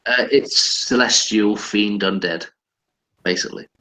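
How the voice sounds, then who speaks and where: Lower-voiced guy at the game table, lots of uhs and ums, asking questions. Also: a little slow, bright, forceful tone, slight background noise, rough recording. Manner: hesitant, asking questions with fillers. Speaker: player. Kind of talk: casual tabletop role-play.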